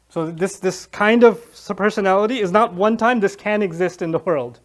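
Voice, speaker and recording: A man giving a lively Quran lecture, acting out scenes from the story and laughing along the way. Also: high-pitched, moderate pace, hardly any pauses. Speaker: Islamic lecturer.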